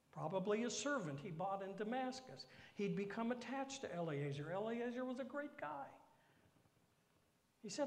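A man preaching a sermon, with dramatic drops into whispered asides and slow emphatic phrasing. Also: sits high, animated. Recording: echoey hall.

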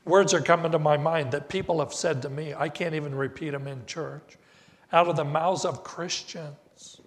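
Older male pastor, unhurried emphatic sermon delivery, voice sits a bit high, long church-hall reverb. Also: fairly even intonation. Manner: slow, deliberate preaching with emphatic rises. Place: church sanctuary.

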